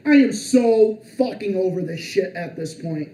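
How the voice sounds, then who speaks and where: A man's voice: high voice, unhurried, hardly any pauses, dark tone, roomy sound, a little hiss or hum, rough recording. A man streaming an angry, profane and sarcastic rant, sounding exasperated.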